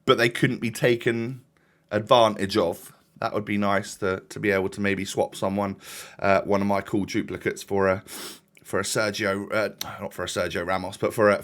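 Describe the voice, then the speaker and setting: A man's voice: mid-range voice, a bit bright. Chatty man rambling over gameplay. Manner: rambling, chatty, self-interrupting. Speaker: gaming YouTuber. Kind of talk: casual gameplay commentary.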